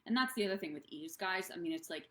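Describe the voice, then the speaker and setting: A woman's voice: fairly low pitch, animated, fast talker, a bit bright, roomy sound. A woman coaching other business owners on a live stream, talking in a bubbly, rambling way that drifts off track. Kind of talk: casual live-stream talk.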